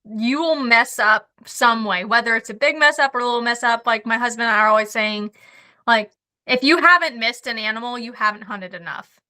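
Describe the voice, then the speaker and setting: A woman tells hunting stories as a podcast guest, her voice high and bright. She swears freely and laughs her way through the tale, talking casually. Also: brisk. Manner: profane, laughing anecdotes. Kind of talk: casual storytelling.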